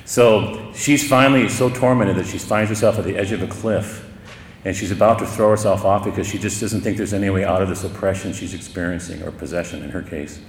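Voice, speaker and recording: Brief: middle-aged male priest, low voice, chatty sermon storytelling, long church reverb. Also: fairly even intonation, a little fast, a little hiss or hum. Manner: conversational storytelling with chuckles.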